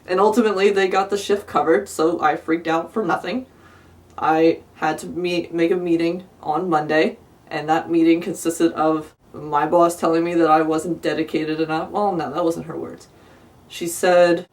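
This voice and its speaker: Young woman, low-pitched voice, exasperated profane ranting, mic a bit distant. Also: level tone, moderate pace. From South Jersey, USA. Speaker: vlogger. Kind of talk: storytime rant.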